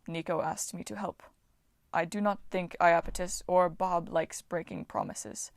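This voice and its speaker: A woman reading aloud, voicing a huge, gentle male Titan who talks in slow, simple, halting words. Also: expressive, vocal fry, dry recording, clean studio sound. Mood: sorrowful. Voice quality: deep, soft, halting simple speech.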